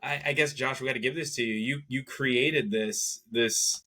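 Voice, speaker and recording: Bright-voiced man rambling through a movie review. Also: mid-range voice, moderate pace, a faint crowd. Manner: rambling, animated, with self-corrections and laughs. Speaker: podcast co-host. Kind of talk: casual movie review chat.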